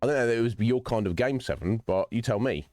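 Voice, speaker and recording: A man's voice: medium pitch, lively intonation, quick pace, a little mellow, dry recording, studio quality, faint music behind. A man hosting his own livestream, chatting to viewers by name in a rambling, philosophical way and swearing freely. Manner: chats directly to viewers by name. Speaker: streamer host. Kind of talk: casual livestream chat while gaming.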